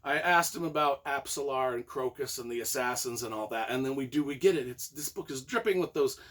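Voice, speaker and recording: A man giving an excited, casual book review, rambling and repeating himself, now and then breaking into loud emphatic bursts. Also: mid-range voice, fairly quick.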